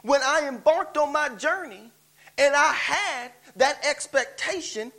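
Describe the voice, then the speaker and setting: A man with a very high, bright, forceful voice preaches a sermon in a church. He stacks rhetorical questions on one another and urges his listeners along with repeated calls of "come on.". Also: expressive, unhurried, poor audio. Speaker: guest preacher.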